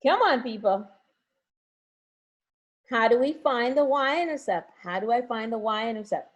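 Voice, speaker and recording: A woman's voice: on the high side, animated, unhurried. A woman teaching an online class from home, coaxing her students to answer with lots of encouragement. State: has a headache.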